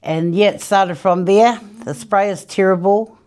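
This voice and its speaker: A woman's voice: medium pitch, a little slow, a little mellow, clear, resonant tone. A woman from New Zealand, interviewed about quitting smoking, chatty storytelling that laughs often and acts out what people said. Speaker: interviewee, former smoker.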